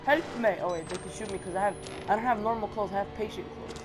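A woman commenting on a horror game as she plays, excitable and repeating her exclamations. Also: medium pitch, fast, background noise. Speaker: gamer. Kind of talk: let's play commentary. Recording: game music behind. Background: game music.

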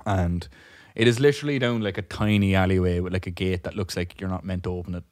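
A man's voice: sits low, steady tone, quick pace, a little mellow, dry recording, studio quality. A young man co-hosting a podcast, telling a long story in a rambling way, swearing often and laughing as he goes. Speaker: podcast co-host. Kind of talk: casual storytelling chat.

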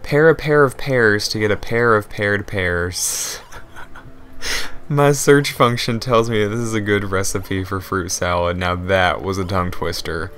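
A man's voice: lowish voice, unhurried, fairly bright tone, a little hiss or hum. A young man hosting a let's play, joking as he reads game text aloud and riffs on it. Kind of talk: casual gameplay commentary.

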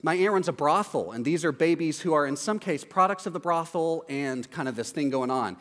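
Pastor, male, high-pitched, sermon storytelling that acts out other voices, large echoing hall. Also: brisk. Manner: animated, acts out voices in quotes. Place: church hall.

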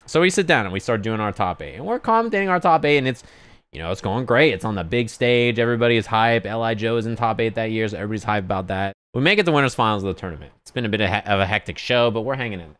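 A man telling a lively anecdote on his stream in casual chat, sometimes acting out other people yelling. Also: fast, clean tone, no room sound. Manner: animated anecdote, acts out others yelling in high pitch.

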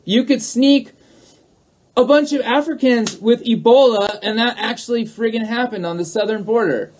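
Man, high voice, livestream chat, sarcastic, mocking, repeats himself. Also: moderate pace, slight background noise. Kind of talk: livestream talk answering chat.

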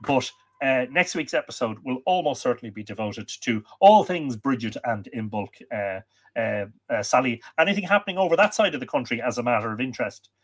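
Irish male livestream host, medium pitch, casual and rambling, reads chat aloud. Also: lively intonation, fairly quick. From Ireland. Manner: chatty, reads viewer comments aloud, many fillers.

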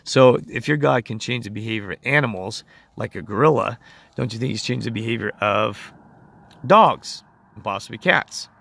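A man's voice: on the low side, animated, moderate pace, vocal fry, a bit bright, breathy edge. A man hosting his own channel, talking in an emphatic, rambling monologue full of fillers and restarts. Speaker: channel host.

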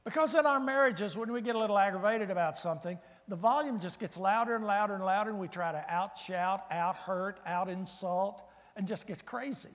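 A man preaching a guest sermon in a church, animated and swinging from loud bursts to hushed asides. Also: high voice, fairly quick, hardly any pauses. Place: church sanctuary. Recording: reverberant church hall.

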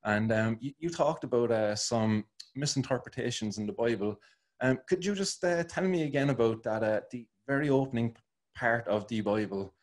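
A man's voice: mid-range voice, moderate pace. A man hosting a podcast interview in casual chat, hesitant with many fillers. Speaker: podcast host.

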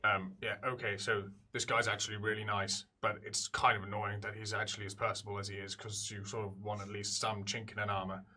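A man playing a tabletop game, joking and quick to exclaim. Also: lowish voice, little pitch movement, pushed and bright. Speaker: player.

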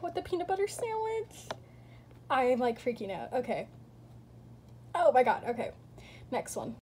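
A woman chatting casually through a toy unboxing, gushing and squealing with excitement and dropping to soft whispers between reveals. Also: high voice, normal speed, pauses often, a little hiss or hum.

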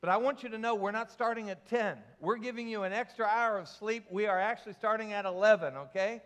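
A man's voice: sits high, a little fast, a bit bright, smooth, in a large hall. A man preaching a sermon as pastor, joking and asking the congregation questions. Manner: jokey, asks the congregation questions.

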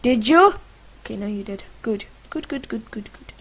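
A woman's voice: fairly high pitch, expressive, moderate pace, slightly rough, low-quality recording. A young woman from Lithuania chatting casually as she plays a life-sim game, rambling and talking to her characters with lots of fillers. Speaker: gaming vlogger. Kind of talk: casual let's-play commentary.

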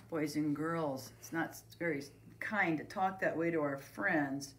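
A woman who is a preschool teacher reads a picture book aloud to children, expressive and speaking to them directly. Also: deep voice, measured pace, few pauses.

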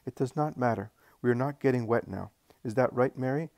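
A man voicing a caring adult male disciple who speaks gently and comfortingly. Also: medium pitch, a little fast, creaky, no room sound, lightly acted.

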